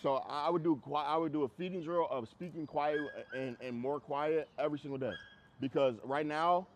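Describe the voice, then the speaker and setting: A man's voice: fairly high pitch, fairly even intonation, a little fast, slight background noise. A man teaching a group dog training class, talking bluntly and casually and repeating phrases for emphasis. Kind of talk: group class instruction outdoors.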